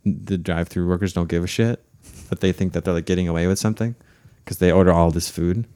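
Low-voiced rambling podcast man. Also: steady tone, fast, warm tone. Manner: rambling, retells scenes with put-on voices. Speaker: podcast co-host. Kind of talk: casual chat.

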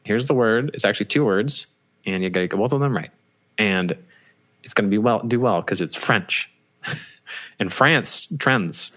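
A man's voice: on the low side, moderate pace, long pauses, a bit bright. A man co-hosting a casual podcast, rambling and joking and swearing freely. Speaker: podcast co-host.

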